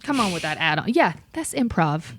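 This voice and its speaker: A woman guest on a podcast, telling a story with animated, profane delivery and acted-out voices. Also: on the low side, normal speed, breathy edge, no echo. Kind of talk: casual storytelling chat.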